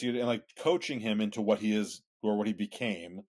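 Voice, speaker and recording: A man's voice: lowish voice, steady tone, fairly quick, a little mellow. A man co-hosting a podcast in casual political chat, giving opinionated, rambling explanations. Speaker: podcast co-host.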